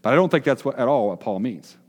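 Male preacher, mid-pitched, casual sermon delivery full of questions to the room, in a reverberant sanctuary. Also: lively intonation, fast talker, a little mellow. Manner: chatty, asks the congregation questions, self-deprecating asides. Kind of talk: conversational sermon. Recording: long hall reverb.

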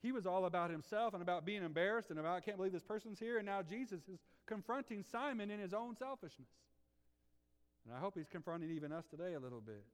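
A man preaching with fervor, his fairly high voice rising to loud peaks and dropping to near hushes. He throws rhetorical questions at the congregation. The sound rings with the long reverb of a big hall. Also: lively intonation, quick pace. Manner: impassioned, swinging from loud to hushed. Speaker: pastor. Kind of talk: sermon.

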